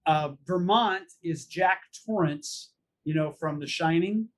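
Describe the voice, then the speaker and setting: A man co-hosting a podcast in casual chat, briskly listing items in an easygoing way. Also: fairly high pitch. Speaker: podcast co-host.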